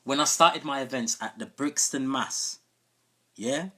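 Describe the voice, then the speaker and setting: Husky man telling a story. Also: mid-range voice, unhurried, pushed and bright. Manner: conversational, often checking in with listeners. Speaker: sound system host. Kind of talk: casual live-stream storytelling.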